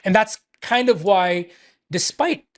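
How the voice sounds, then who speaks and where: Animated man explaining. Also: high voice, slow pace. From Philippines. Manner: animated, emphatic, repeats points. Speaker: podcast guest. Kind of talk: casual explanatory discussion.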